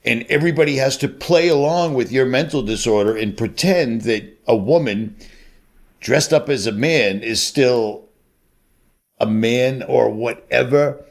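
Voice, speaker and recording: A man's voice: mid-range voice, measured pace. A man in his fifties giving a scornful, emphatic ranting commentary as host of his channel. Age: 50s.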